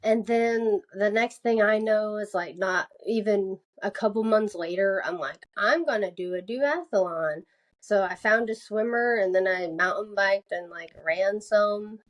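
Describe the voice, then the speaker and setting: A woman's voice: medium pitch, a little slow. A young woman from the American South chatting casually as a podcast guest, laughing often and filling her speech with "like". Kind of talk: casual interview chat.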